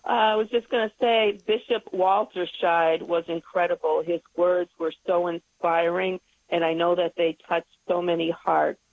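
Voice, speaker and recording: A woman's voice: lowish voice, steady tone, normal speed, no echo. A woman calling into a radio show, heartfelt and gushing. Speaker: caller. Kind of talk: phone-in conversation. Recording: tinny phone line.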